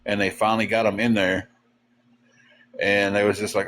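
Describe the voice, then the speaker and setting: Man, low-pitched, rambling casual livestream host. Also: level tone, a bit bright, a little hiss or hum. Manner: rambling, halting, many fillers. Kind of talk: casual storytelling chat.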